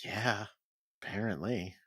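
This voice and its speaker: A man from Connecticut co-hosting a podcast in casual chat, wry and animated, swearing casually. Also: fairly low pitch, slow pace, slightly rough, no echo, clean studio sound. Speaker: podcast co-host.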